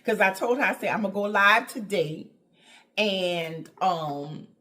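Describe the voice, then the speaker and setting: In casual vlog talk about her home decorating channel, a woman with a mid-range voice tells a story full of laughs and excited squeals. When she's touched, she goes soft and slow.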